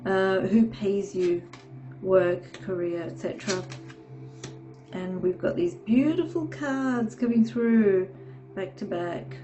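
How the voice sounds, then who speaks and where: A woman with a cold-stuffed, nasal voice reads tarot cards at an unhurried pace. Her tone is mellow and soft, and she wanders between thoughts, checking in with "okay" as she goes. Faint music plays quietly underneath. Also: mid-range voice, highs cut off. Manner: meandering, reassuring, frequent "okay". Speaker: tarot reader. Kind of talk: casual tarot reading to camera.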